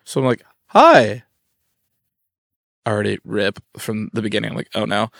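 Man, casual storytelling, animated, acts out voices, dry close sound. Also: on the low side, fast, gravelly, no room sound. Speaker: guest.

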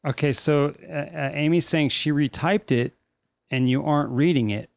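A man's voice: fairly high pitch, normal speed, creaky, no room sound. A man hosting a casual podcast chat, rambling and laughing easily. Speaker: podcast host.

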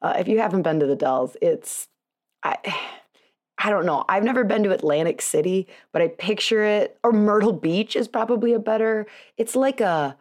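A woman's voice: medium pitch, moderate pace, a little mellow. A woman in her thirties hosting a podcast, telling a rambling personal story in a chatty, self-deprecating way and laughing often. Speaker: podcast host, chiropractor. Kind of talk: casual storytelling monologue.

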